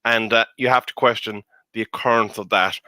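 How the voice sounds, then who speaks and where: A man co-hosts a casual football discussion, laying out his views in a measured, articulate way. His voice is bright and sharp. It sounds dry and close, with no room echo. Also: lowish voice, steady tone. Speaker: co-host pundit.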